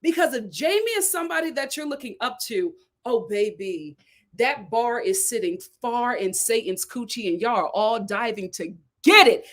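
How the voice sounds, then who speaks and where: Woman, high-pitched, sassy casual commentary, animated, laughing. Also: unhurried. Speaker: show reviewer.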